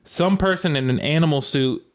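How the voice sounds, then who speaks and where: A man's voice: a little high, normal speed. A man co-hosting a podcast in casual chat, laughing often and rambling with fillers. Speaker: podcast co-host.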